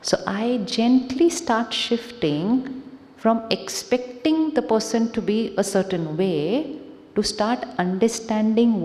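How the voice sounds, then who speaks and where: A woman with an Indian accent giving a calm spiritual talk, asking questions of a live audience and slipping in Hindi phrases. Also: medium pitch. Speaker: spiritual speaker. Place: large conference hall. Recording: echoey hall, long reverb.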